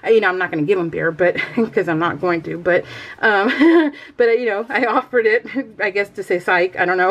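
A woman's voice: mid-range voice, moderate pace, fairly bright tone, highs cut off. A middle-aged woman chatting casually while she crafts, rambling and laughing often as she tells a story. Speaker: scrapbooking vlogger.

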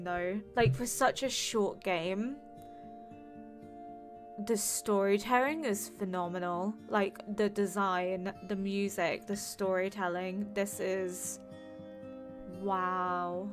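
A woman's voice: mid-range voice, fairly even intonation, takes it slowly, faint music behind. A woman gaming streamer reacting to a game's ending, emotional and rambling, with lots of fillers.

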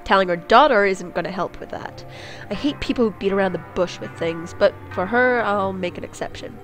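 A woman's voice: medium pitch, fairly quick, soft background music. A young woman playing a text game, reading aloud and joking crudely about herself as she goes. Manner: crude, self-mocking, rambling. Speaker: let's play gamer.

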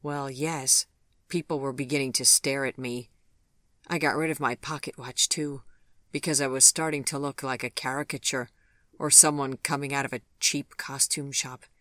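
A man voicing a formal, calm, ageless male lover in an audiobook, speaking in a measured way. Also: mid-range voice, no room sound, studio quality, natural voice. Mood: easy. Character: proud ageless man, looks young, gently stern.

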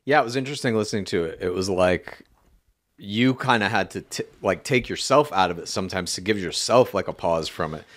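A man's voice: low voice, fairly quick. A man co-hosting a podcast in casual chat, emphatic and full of fillers and swearing. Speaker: podcast co-host.

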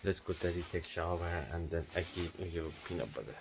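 A man's voice: deep voice, a little fast, creaky, background noise. A man at home coaxing his pet bird in repetitive baby talk, asking the same questions over and over. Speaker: pet owner.

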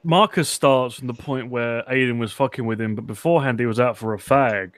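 A man's voice: medium pitch, a little fast, fairly bright tone, dry recording. Man teasing friends over a story. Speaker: friend on the stream. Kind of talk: casual chat.

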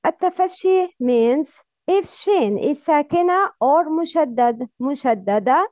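Slow, high-voiced woman teaching letter sounds. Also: expressive, darkish tone, no room sound, highs cut off. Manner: demonstrates sounds by repeating them, then corrects wrong versions. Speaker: Quran recitation teacher. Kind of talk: slow pronunciation lesson.

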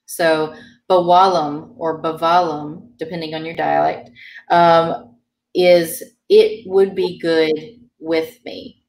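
Low-voiced woman teaching from afar. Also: level tone, takes it slowly, creaky, darkish tone. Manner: patient, explanatory, frequent ums. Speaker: Irish language teacher. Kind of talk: explaining grammar in an online class. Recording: roomy sound from a distant mic.

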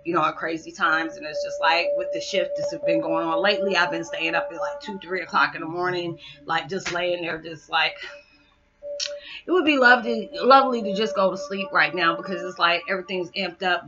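A woman's voice: on the low side, level tone, fairly quick, hardly any pauses. A woman talking casually to her viewers in a rambling vlog monologue, full of "you know" and "it's just like.". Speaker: spiritual vlogger. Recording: dull lo-fi sound.

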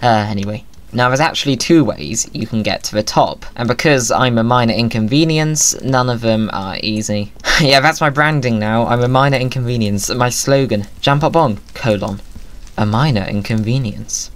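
A man's voice: medium pitch, normal speed, a bit bright. A man giving playful, jokey commentary over his own gameplay, often talking to himself. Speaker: Minecraft video creator.

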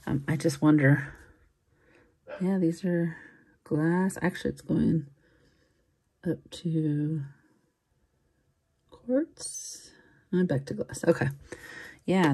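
A woman's voice: low-pitched, warm tone, slightly rough. A woman reseller musing aloud in a casual unboxing commentary, chatty and full of little fillers. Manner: chatty, musing aloud, frequent likes and ums. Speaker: jewelry reseller.

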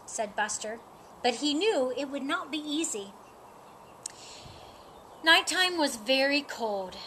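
A woman reading a children's picture book aloud in a slow, expressive, sing-song way. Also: sits high, a little hiss or hum. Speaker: storybook reader.

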